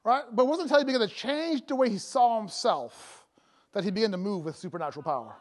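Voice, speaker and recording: High-voiced joking male preacher. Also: expressive, quick pace. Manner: jokey and conversational, laughing between points; heavy fillers and restarts. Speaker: evangelist preacher. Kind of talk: sermon.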